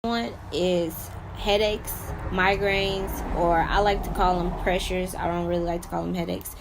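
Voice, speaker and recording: A woman's voice: on the low side, fairly even intonation, measured pace, noisy background. A young woman talking earnestly about her own life in a rambling personal vlog, full of "you know" and "like". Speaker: vlogger sharing her own illness. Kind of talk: unscripted personal vlog talk.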